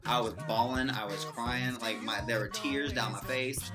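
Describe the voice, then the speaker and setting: A young woman excitedly telling a fan story in a casual vlog, gushing and giggly. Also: extremely low pitch, moderate pace. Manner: gushing fangirl, giggly, animated quoting. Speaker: vlogger. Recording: music playing behind.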